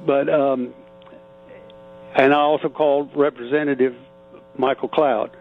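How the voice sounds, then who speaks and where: Male caller from Texas, average pitch, phone-line sound with faint music underneath, emphatic and halting. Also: little pitch movement.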